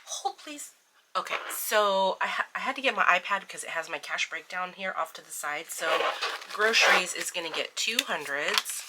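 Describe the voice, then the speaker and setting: A woman with a slightly low voice talks through her budget in a casual vlog, counting bills aloud and poking fun at her own slips. A loud background noise runs under the recording. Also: moderate pace. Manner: chatty, self-deprecating, laughs at her own slips; steady murmured counting of bills. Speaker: budgeting vlogger.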